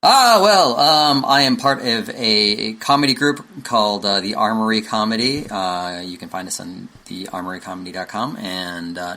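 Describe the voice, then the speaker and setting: A comedian guesting on a podcast, a man speaking in a relaxed, informal way. His voice sits low but sounds bright and forceful. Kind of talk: casual podcast chat.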